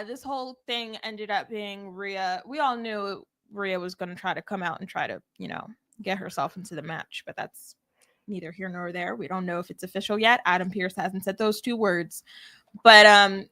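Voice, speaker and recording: A woman's voice: moderate pace, no room sound. A woman co-hosting a wrestling podcast, recapping the show in casual chat and acting out quoted lines in a raised voice. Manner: animated, acts out quoted lines in high voices. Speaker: podcast co-host.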